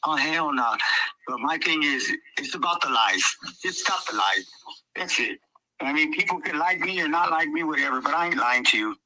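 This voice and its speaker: A man's voice: on the high side, animated, a little fast, a crowd in the background. A man in casual podcast chat who talks emphatically and repeats himself for effect. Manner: repetitive, emphatic, drops into mocking quoted voices. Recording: noisy recording.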